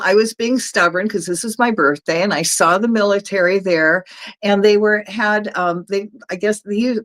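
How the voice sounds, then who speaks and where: Slow, chatty woman telling stories. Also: on the low side. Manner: chatty, laughs between phrases, many fillers. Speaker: host. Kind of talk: personal storytelling monologue.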